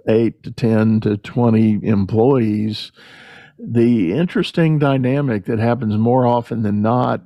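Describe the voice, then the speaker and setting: Mellow-voiced man telling business stories. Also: fairly low pitch, no echo. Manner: storytelling, acts out quoted voices. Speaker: podcast host. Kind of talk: conversational interview.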